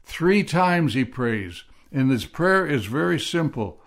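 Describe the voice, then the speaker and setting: Slow, deliberate male preacher. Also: on the high side, very animated, creaky. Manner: slow, deliberate reading, rising to emphatic stresses. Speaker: pastor. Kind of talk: sermon with scripture reading.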